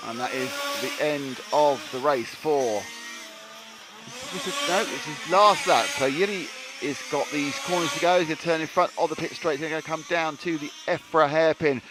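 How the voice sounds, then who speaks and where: A man's voice: a little high, fairly even intonation, moderate pace, noisy background. A man giving live commentary on a model car race, joking and rambling between calls. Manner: jokey, self-deprecating, rambling asides.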